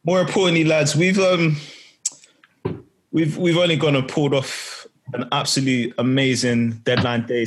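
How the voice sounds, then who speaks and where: A man hosting a casual football podcast, bantering with friends and repeating his points for effect. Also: mid-range voice. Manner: relaxed, bantering, drawn-out repeats. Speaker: podcast host.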